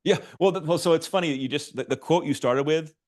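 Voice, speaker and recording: A middle-aged man talking casually as a podcast guest, animated and quick to restart his sentences with repeated words. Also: on the high side. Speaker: podcast guest, author and marketing executive. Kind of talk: casual interview talk.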